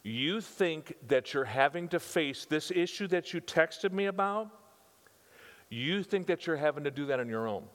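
A man's voice: fairly high pitch, expressive, normal speed. An older man preaching a conversational sermon, with emphatic repetition and rhetorical questions to his congregation. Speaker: pastor. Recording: reverberant hall sound.

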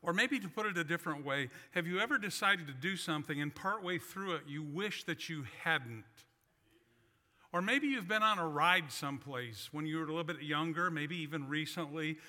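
A man's voice: fairly high pitch, normal speed, sharp tone. A man preaching a sermon, telling a personal story with folksy, self-deprecating humor. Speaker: pastor. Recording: long reverb of a large hall.

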